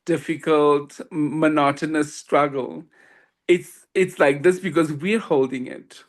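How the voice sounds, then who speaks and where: Animated swami telling a story. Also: male voice, fairly high pitch, a little slow. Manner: animated, laughs often, acts out dialogue. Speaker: guest, swami. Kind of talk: personal storytelling in conversation.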